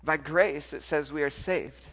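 A pastor preaching a sermon, telling a personal story, moving from soft, intimate lines to loud, emphatic ones. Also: male voice, a little high, measured pace.

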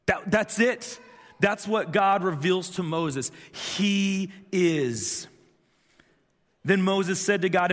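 Long church hall reverb fills this recording of a pastor in his thirties. His voice sits high and fairly bright, and at a measured pace he preaches conversationally, repeating points with emphasis.

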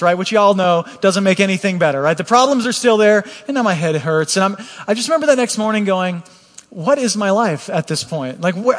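A man's voice: sits high, in a large hall. A man preaching a candid, earnest personal testimony, often restarting his sentences. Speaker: pastor.

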